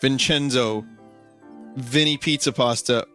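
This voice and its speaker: A man's voice: medium pitch, fairly even intonation, takes it slowly, a bit bright, soft background music. Rambling New man streaming. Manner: rambling, self-correcting, swears casually. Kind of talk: casual stream chat.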